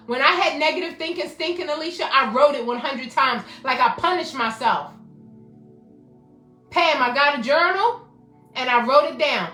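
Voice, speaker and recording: A woman's voice: high voice, lively intonation, normal speed, pushed and bright. A woman hosting a motivational self-help talk, emphatic and repetitive, speaking directly to her viewers by name. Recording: roomy echo, faint music behind.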